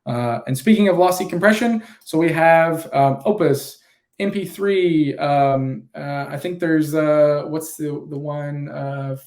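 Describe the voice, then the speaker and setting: A man's voice: fairly high pitch, takes it slowly, darkish tone, echoey room. A man giving an unscripted online lesson in a casual, rambling way, with lots of fillers and self-corrections. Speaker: instructor.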